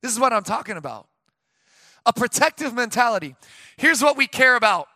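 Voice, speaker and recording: Male pastor, thirties, high bright voice, dry mic, lively preaching rhythm. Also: fairly quick, no echo. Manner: energetic, repetitive preaching cadence; swings between loud declarations and hushed storytelling. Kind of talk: sermon.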